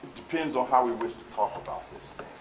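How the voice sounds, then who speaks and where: A man gives a preaching lecture to a live audience, talking to his listeners directly. He drops into low asides, then rises to loud, emphatic exhortation. The sound is roomy and echoey, with a faint hiss under the voice. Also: animated, quick pace. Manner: conversational, addresses listeners directly. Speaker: spiritual teacher. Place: meeting room with live audience.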